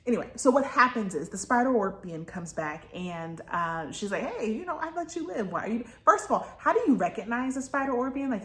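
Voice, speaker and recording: A woman talking casually about a book she is reading, rambling with lots of asides and fillers. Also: fairly low pitch. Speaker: book reviewer. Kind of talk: casual book review chat. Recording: roomy echo.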